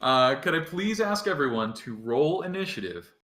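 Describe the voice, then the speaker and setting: A man narrating a tabletop game as dungeon master, relaxed and quick to laugh. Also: on the high side, echoey room.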